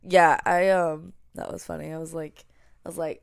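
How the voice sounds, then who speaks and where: A woman's voice: low voice, level tone, normal speed, creaky, no room sound, clean studio sound. A woman from the American South with a Southern accent, co-hosting a podcast in a chatty, rambling way. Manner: chatty, rambling, uses lots of fillers. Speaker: podcast co-host. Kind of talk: casual chat.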